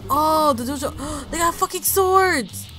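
A woman streamer giving loud, profane, excitable commentary as she plays a game, mocking the characters. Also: high-pitched, unhurried, faint music behind. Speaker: gaming streamer. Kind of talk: let's play commentary.

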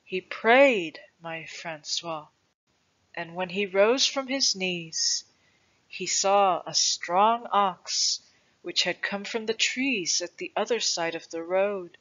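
A reader voicing an old grandfather who tells a legend to his grandson in a patient, gentle way. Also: mid-range voice, takes it slowly. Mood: hushed. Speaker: storyteller. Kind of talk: storybook reading. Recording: dull lo-fi recording.

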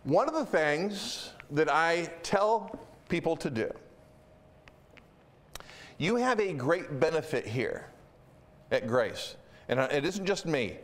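A middle-aged male pastor delivers a sermon in an animated, emphatic storytelling manner. His voice sits high for a man and leaps up and down in pitch as he drives his points home. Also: slow pace, pauses often.

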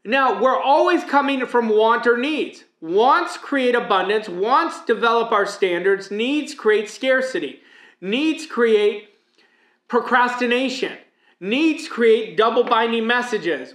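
A man's voice: extremely high pitch, expressive, takes it slowly, a bit bright. A man giving a motivational speech as a mindset coach, emphatic and preaching, with many rhetorical questions. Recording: echoey room.

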